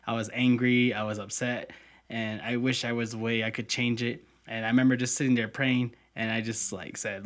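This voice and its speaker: A man's voice: mid-range voice, flat delivery, moderate pace, a bit bright. A young man co-hosting a podcast, telling a personal story in an earnest, heartfelt way with many fillers. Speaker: podcast co-host. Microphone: podcast mic.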